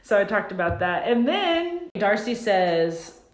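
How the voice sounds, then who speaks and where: A woman's voice: medium pitch, sing-song, slow. Chatty woman podcaster in an echoey room. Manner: chatty, laughs often, many "like" fillers. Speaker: podcast co-host. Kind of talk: casual chat recapping a TV show. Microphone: no proper mic. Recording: echoey room, no proper mic.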